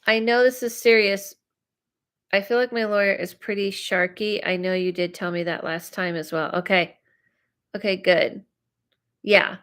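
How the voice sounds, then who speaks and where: A woman's voice: fairly low pitch, fairly bright tone. A woman psychic host giving live readings, chatty and reacting to viewer comments aloud. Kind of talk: live-stream reading chat.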